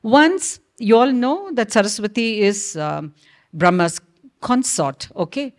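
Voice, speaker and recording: A woman's voice: mid-range voice, unhurried. A middle-aged woman, animatedly telling a myth and acting out the dialogue. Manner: animated, acts out quoted dialogue, frequent "okay?" check-ins. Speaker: speaker telling a myth on stage. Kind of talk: storytelling talk.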